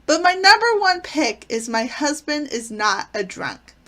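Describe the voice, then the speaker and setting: A woman's voice: high-pitched, sing-song, measured pace, a bit bright. A woman casually reviewing favorite sitcom episodes, retelling plots with enthusiasm and frequent fillers. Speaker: channel host.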